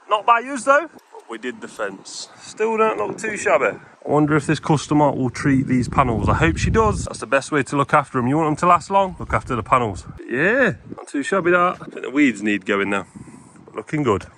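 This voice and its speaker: A man's voice: fairly high pitch, lively intonation, a little fast. Chatty tradesman outdoors in wind. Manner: chatty, matter-of-fact, talks to viewers while working. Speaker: fencing tradesman vlogger. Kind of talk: casual vlog commentary. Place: outdoors at work sites and a yard, windy.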